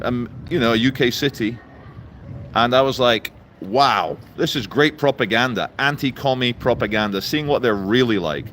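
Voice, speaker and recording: A man livestreaming outdoors, ranting and greeting viewers in the chat with lively energy. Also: medium pitch. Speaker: livestream host. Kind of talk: live-streamed political rant. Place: outdoors in a town. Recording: faint outdoor traffic noise.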